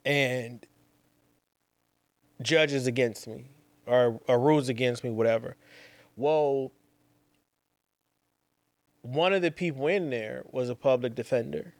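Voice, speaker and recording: A man's voice: mid-range voice, slow pace, long pauses, dry recording. A young man, hosting a podcast and telling a rambling personal story with slangy asides and repeated phrases. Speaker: podcast host. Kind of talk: casual storytelling monologue.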